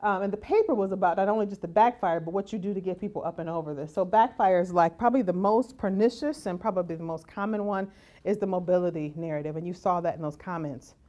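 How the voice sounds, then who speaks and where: A woman giving a lively conference talk as keynote speaker, often asking "right?" and acting out the voices she quotes. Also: fairly low pitch, fast, dull audio. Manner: animated, acts out quoted voices, rhetorical "right?".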